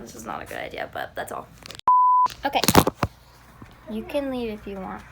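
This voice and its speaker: A woman's voice: on the high side, sing-song, a little fast, vocal fry. A young woman vlogging casually about books she is reading, chatty and giggly, rambling between thoughts. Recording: noisy phone recording.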